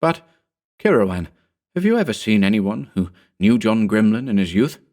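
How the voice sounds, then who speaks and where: A man voicing a hesitant adult male friend who speaks with reluctance, pitched above his narration. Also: big pitch swings, darkish tone. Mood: uneasy. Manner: reluctant, measured.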